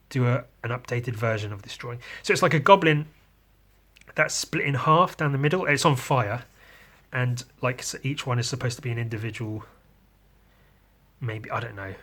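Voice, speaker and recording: Bright and forceful in tone, this mid-range male voice belongs to an artist riffing on his own sketchbook through a podcast mic. He rambles, curses without restraint, and mocks himself along the way.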